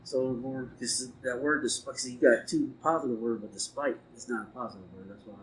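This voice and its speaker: A man's voice: medium pitch, fairly quick, rough recording. A man taking part in a poetry workshop, hesitantly asking questions and restarting his sentences. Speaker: workshop student poet. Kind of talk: workshop conversation.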